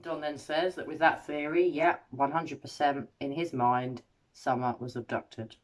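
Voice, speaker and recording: A woman hosting an analysis video, paraphrasing recorded quotes and weighing each one in a measured, analytical way. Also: deep voice, fairly even intonation. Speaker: host analysing a recorded interview. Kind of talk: scripted commentary.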